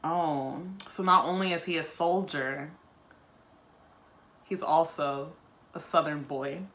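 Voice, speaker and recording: A woman's voice: deep voice, fairly even intonation, slow pace, fairly bright tone. A woman reading a book aloud on her video channel and breaking off for chatty, wry asides. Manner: chatty, wry asides between read passages. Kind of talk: casual chat while reading a book aloud.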